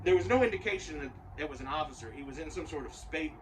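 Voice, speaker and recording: A man's voice: on the high side, expressive, fast talker, far from the mic, a little hiss or hum, low-quality recording. A man giving a casual, rambling and profane spoken review of a show, full of opinions.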